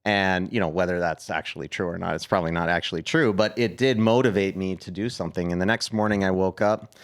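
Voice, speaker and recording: Podcast guest: thirties man with a North Dakota accent and a lowish voice, telling stories casually. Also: fast. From Upper Midwest US. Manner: relaxed, chatty, many fillers and restarts. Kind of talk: casual storytelling.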